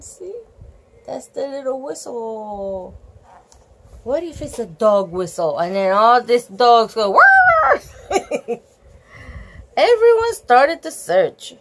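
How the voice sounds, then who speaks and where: A woman's voice: a little high, a little hiss or hum, low-quality recording. A woman reading a picture book aloud, gasping and exclaiming over the pictures with chatty asides. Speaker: storybook reader.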